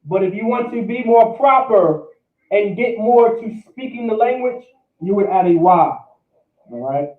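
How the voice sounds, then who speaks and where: A man with a high voice teaches a class, repeating each word and asking "all right?" as he goes. He sounds distant in an echoey room. The sound is thin and phone-like. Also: animated, a little slow. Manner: repetitive, checks in with "all right?". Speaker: language teacher. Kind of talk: classroom language lesson.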